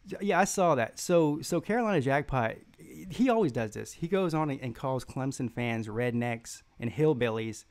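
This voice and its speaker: A man's voice: medium pitch, lively intonation, normal speed, hardly any pauses, a little mellow. A man with a Southern American accent hosting a sports live stream, reading viewer comments and answering with rambling, mocking trash talk full of fillers and restarts.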